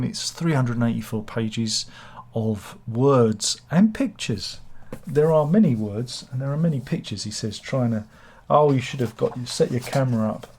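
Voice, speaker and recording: A man chats his way through a casual book review. His voice is husky and rough, and his delivery wanders, mixing sardonic jabs with cheerful self-mockery. The pitch sits in an ordinary middle range. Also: a little mellow. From England. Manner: rambling, sardonic and self-mocking. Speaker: book reviewer, channel host.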